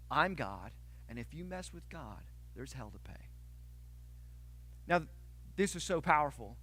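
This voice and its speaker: A male pastor preaching a sermon, telling stories with sudden loud outbursts and hushed asides. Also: high voice.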